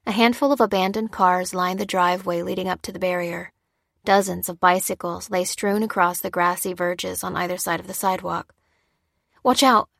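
A woman reading an audiobook chapter in a measured, steady scripted narration. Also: medium pitch, dry recording, studio quality.

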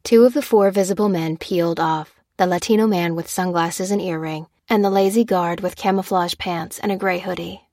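Female narrator, low register, measured thriller read, dry studio sound. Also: dry recording.

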